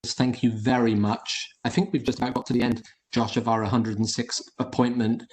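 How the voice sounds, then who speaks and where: A man's voice: mid-range voice, level tone, normal speed, a little mellow. A man presenting his hotels on a video call, chatty and friendly in tone, often repeating words as he talks. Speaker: hotel group founder presenting. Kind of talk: casual presentation. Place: at home or office in London.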